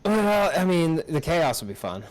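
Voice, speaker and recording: A man who races online, chatting easily after the race and giving friendly shout-outs over voice chat. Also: a little high, sing-song, normal speed, slight background noise. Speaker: sim racing driver. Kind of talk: casual post-race interview.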